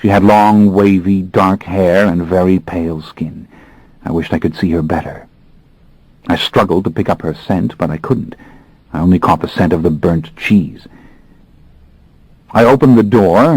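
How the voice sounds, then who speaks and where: A man narrating an audiobook in the first person, with a brooding, measured delivery and expressive pacing. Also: sits low, no room sound, low-quality recording.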